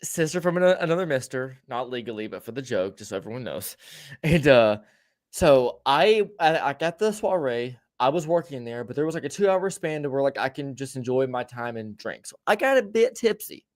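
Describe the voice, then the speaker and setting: A man's voice: mid-range voice, expressive, brisk. Male podcast host, casual storyteller, profane and rambling, lots of restarts.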